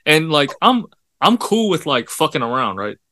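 A man's voice: a little high, sing-song, moderate pace, sharp tone, no room sound, clean studio sound. A young man co-hosting a casual podcast, telling an anecdote in a laid-back, profane way and laughing often. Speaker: podcast co-host. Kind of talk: casual chat.

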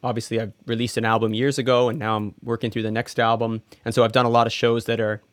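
An easygoing man chatting as a guest guitarist, relaxed and thoughtful. He has a middle-pitched voice, heard close and dry with no echo. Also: fast. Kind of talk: casual chat.

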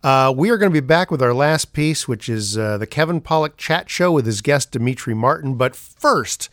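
Lively-voiced man hosting a podcast. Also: mid-range voice, dry recording, clean studio sound. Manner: lively, spells out a web address slowly. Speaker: podcast host. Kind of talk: show announcement.

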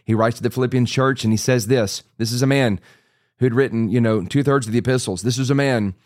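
A man's voice: mid-range voice, steady tone, fairly quick, darkish tone, no room sound, clean studio sound. A man in his forties preaching, telling his own testimony in an earnest, storytelling way with many restarts and asides. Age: 40s. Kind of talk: sermon testimony.

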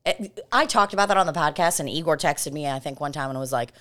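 Woman, low voice, from Belarus, podcast co-host, lively swearing storyteller. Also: fast talker. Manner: animated, swears freely, acts out voices in anecdotes. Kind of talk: casual chat.

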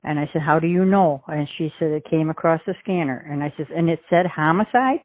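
A woman's voice: sits low, a little fast, dry recording, muffled recording. A middle-aged woman recounting a past event as an interview witness, rambling along and acting out the dialogue she quotes. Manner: rambling storyteller who acts out quoted dialogue.

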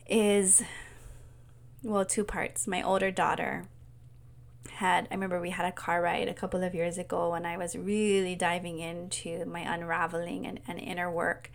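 A middle-aged woman mentor speaking in an earnest, soft-spoken personal monologue, often dropping to a whisper. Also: fairly low pitch, gravelly. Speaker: mentor and coach.

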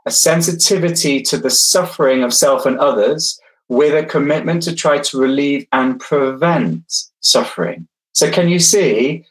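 A man's voice: on the high side, measured pace, rough recording. A man lecturing online, engaging his audience directly and reading out their replies from the chat.

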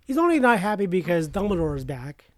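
A woman's voice: fairly low pitch, very animated, a little fast, no room sound, studio quality. A woman co-hosting a podcast in casual chat, correcting details and teasingly urging her co-host to wrap up.

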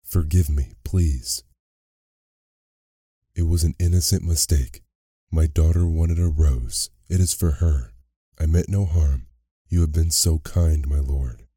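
A man's voice: extremely low pitch, steady tone, a little slow, mellow, breathy edge, dry recording, clean studio sound, heavily acted. A man voicing a frightened father who pleads and stammers in a bedtime story reading. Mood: pleading. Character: terrified middle-aged father pleading.

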